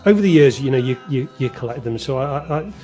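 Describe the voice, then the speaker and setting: A man's voice: medium pitch, animated, fast talker, mellow, soft background music. A middle-aged English man, a guest musician, telling stories in a chatty, self-deprecating way during a casual interview. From England. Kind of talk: casual video-call chat.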